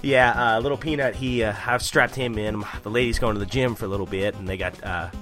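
Podcast host, male, 30s, bright animated voice, easy laughter, faint music. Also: medium pitch, fast. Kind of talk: casual chat.

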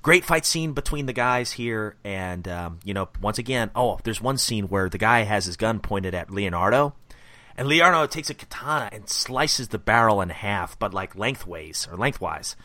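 A man's voice: lowish voice, expressive, moderate pace, bright, forceful tone, no echo. A man hosting a casual comic book review chat, enthusiastic and a bit rambling. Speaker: podcast host.

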